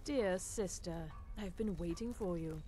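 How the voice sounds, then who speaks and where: An actress playing a poised, calm female assassin handler in a game, giving orders in a measured, formal manner. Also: on the low side, slight background noise, close to an everyday voice.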